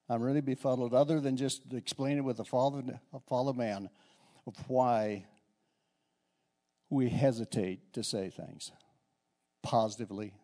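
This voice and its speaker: Preaching in church, this middle-aged pastor speaks in a dark-toned, medium-pitched voice. His sermon is conversational, with frequent repetitions and restarts.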